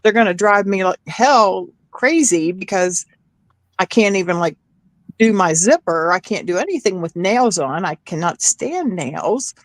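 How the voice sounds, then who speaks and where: A woman's voice: medium pitch, a little slow, dry recording. Middle-aged woman gabbing away, acts out the quotes, dry close sound. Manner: animated storyteller, acts out quotes. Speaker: chat participant. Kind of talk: casual chat.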